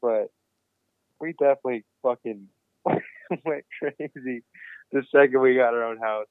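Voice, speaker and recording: A man telling a wild story in a casual podcast chat, cursing freely and getting animated. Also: medium pitch, a little slow, dry recording. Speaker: podcast guest. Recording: dry, phone-like remote line.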